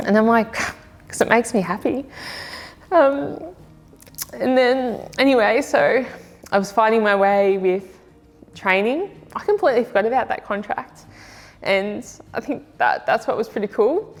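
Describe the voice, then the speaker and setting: A woman's voice: fairly high pitch, animated, measured pace, long pauses, long reverb tail. A woman with an Australian accent, an army veteran and footballer telling her story in a candid, plain-spoken, rambling way. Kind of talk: reflective personal testimony.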